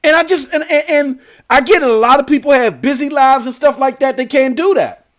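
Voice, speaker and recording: A man hosting a gaming news stream, telling a rambling story in a loud, animated way. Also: extremely high pitch, fairly quick. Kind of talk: casual storytelling rant.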